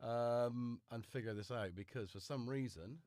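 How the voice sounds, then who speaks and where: A man's voice: medium pitch, moderate pace, darkish tone. A man with a Liverpool-tinged British accent, full of cold, chatting and rambling on a casual live stream from his home studio. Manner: chatty, rambling, self-mocking. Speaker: livestream host.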